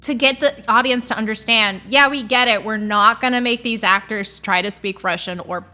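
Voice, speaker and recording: Woman podcast co-host, bright voice, giggly and enthusiastic, faint music behind. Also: on the high side, normal speed. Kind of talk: casual chat about movies.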